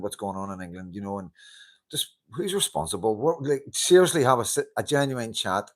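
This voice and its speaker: A man chats live to his viewers through a handheld mic, low in pitch. He greets people by name, laughs easily and throws in the odd curse, loose and unscripted. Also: a bit bright. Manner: chatty, greets viewers, laughs often, swears casually. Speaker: livestream host. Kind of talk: casual live-stream chat. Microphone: handheld wireless mic.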